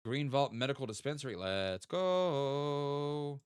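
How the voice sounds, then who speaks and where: A man's voice: fairly low pitch, sing-song, moderate pace, fairly bright tone, dry recording, clean studio sound. A young man, chatting casually with viewers while playing a geography game and thinking aloud. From American South. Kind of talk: casual live-stream chat.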